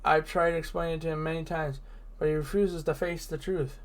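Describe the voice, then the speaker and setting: A man's voice: on the high side, level tone, a little fast, close to an everyday voice. A man reading as a weary old lighthouse keeper. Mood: somber.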